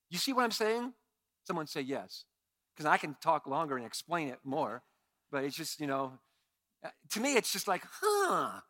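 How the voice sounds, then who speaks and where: Male pastor, middle-aged, lively sermon delivery with wide pitch swings and acted-out quotes. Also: normal speed, dry recording, studio quality. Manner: animated preacher, acts out quoted lines with big swings in loudness.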